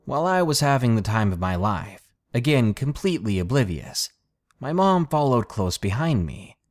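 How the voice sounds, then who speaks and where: Lively-voiced man narrating scary stories. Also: mid-range voice, moderate pace, faint music behind. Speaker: storyteller reading submitted stories. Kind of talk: scripted scary story narration.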